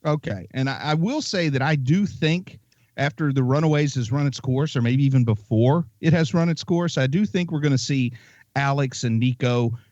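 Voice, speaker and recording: A man's voice: mid-range voice, darkish tone, no room sound. Brief: male podcast co-host, rambling and self-correcting, slightly muffled dry sound. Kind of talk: casual chat.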